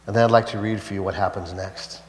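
A man preaching a sermon, telling a story in a conversational, animated way and reading a passage aloud. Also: fairly low pitch, fast, a little hiss or hum. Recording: echoey hall.

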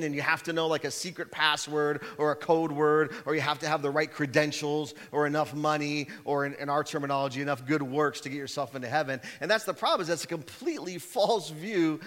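Against long hall reverb, a pastor with a slightly high, somewhat bright voice delivers a sermon that includes a joke. He tells it conversationally, like a storyteller, voicing the characters in his tales.

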